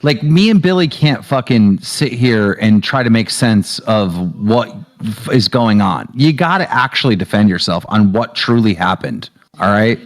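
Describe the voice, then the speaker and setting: A man's voice: fairly low pitch, unhurried. A man moderating a heated call, telling people to stop and explaining what he has found out. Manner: calming, tries to steer the talk. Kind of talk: casual chat.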